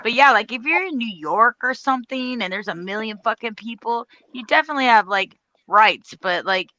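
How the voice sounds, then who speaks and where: A woman's voice: a little high, animated, a little fast, sharp tone. A woman in casual chat, talking bluntly and swearing freely as she gives her opinions. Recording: dull lo-fi audio.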